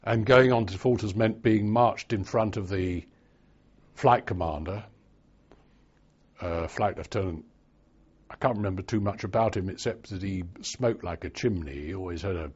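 An older man looks back in an oral history interview, unhurried and wry. His low voice is gravelly and a little husky. The recording sounds dull and lo-fi. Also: darkish tone. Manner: slow, wry storytelling.

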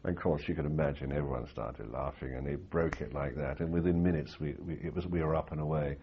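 Older male interviewee, anecdotal storyteller; deep, husky voice on a slightly dull recording. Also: steady tone, fast talker, slight background noise. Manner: anecdotal, rambling with restarts and fillers. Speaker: interviewee recalling war reporting.

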